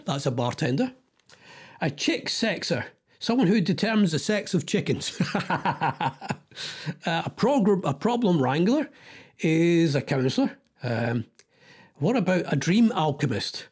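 A middle-aged man from Scotland hosts a radio show, chatting casually and rambling as he thinks aloud. His voice sits high with a darkish tone.

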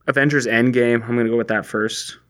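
A man's voice: mid-range voice, fairly even intonation, fairly quick, a bit bright, slight background noise. A man who is a recurring guest on a podcast, easygoing and enthusiastic in casual chat.

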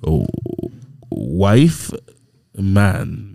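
A man's voice: sits low, normal speed, creaky, no room sound, clean studio sound. A man joking around in a put-on Jamaican accent as a podcast guest, boisterous and teasing. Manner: boisterous, teasing, breaks into loud laughter.

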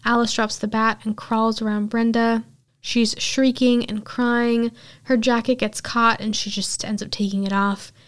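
Woman podcast host, chatty and casual recap, slightly high voice. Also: flat delivery, a little slow. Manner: chatty storytelling with filler words.

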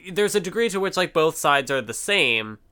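A man casually discussing a manga series as a podcast co-host, thoughtful and halting with many restarts. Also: on the high side, very animated, bright, forceful tone, smooth.

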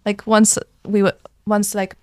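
A woman's voice: medium pitch, completely flat delivery, measured pace, no room sound, studio quality. Chatty young woman with a Maltese accent. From Malta. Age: young adult. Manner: chatty, explains at length with many "like" fillers. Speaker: drama school student guest. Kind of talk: casual podcast chat.

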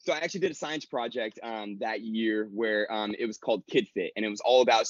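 A man in his twenties, a podcast guest chatting casually from his childhood bedroom, rambling quickly with lots of fillers and restarts. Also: medium pitch, dry recording, highs cut off. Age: 20s. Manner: rambling and quick, heavy with "like" and "you know", frequent restarts. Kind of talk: casual interview chat.

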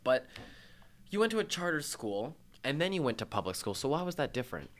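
A man's voice: mid-range voice, big pitch swings, a little fast, a bit bright. A young man from Minnesota co-hosting a podcast, chatting casually and teasing his co-host. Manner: teasing, joking. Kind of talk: casual chat.

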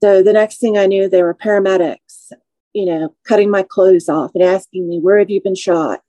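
Mellow-voiced woman recounting a testimony. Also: mid-range voice, steady tone, no echo, poor audio. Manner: measured, slow, emotional recounting. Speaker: podcast guest. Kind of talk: personal testimony storytelling.

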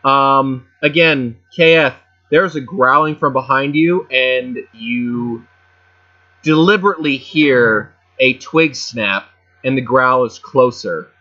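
A man narrating as game master of a tabletop game, talking quickly with restarts, on a lo-fi recording. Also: mid-range voice, pushed and bright.

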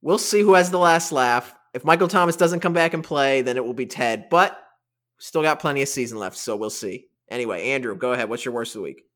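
A man hosts a casual sports podcast in a relaxed, somewhat subdued manner. His pitch sits in an ordinary middle range, and he keeps an easy, good-humoured tone as he moves the show along. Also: a little fast. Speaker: podcast co-host. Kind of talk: casual chat.

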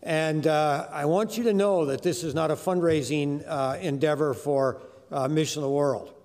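An older man preaches in a church sanctuary in a high voice. He talks conversationally, with many "uh"s. Long reverb from the large hall trails each phrase. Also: moderate pace, a little mellow. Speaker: guest preacher. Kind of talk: sermon.

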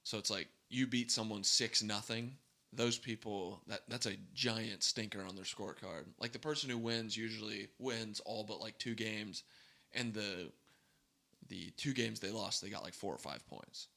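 A young man co-hosting a podcast, chatting casually in an animated, quick way with lots of fillers and laughs. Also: lowish voice, gravelly. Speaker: podcast co-host. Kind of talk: casual chat.

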